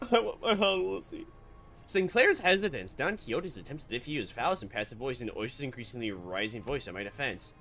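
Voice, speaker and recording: A man's voice: mid-range voice, a little fast, hardly any pauses, faint music behind. A man streaming a video game, reading the story narration aloud and reacting with sarcastic jokes and frequent laughter. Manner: animated, joking, sarcastic, laughs often. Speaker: VTuber streamer. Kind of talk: let's-play commentary and reading narration aloud.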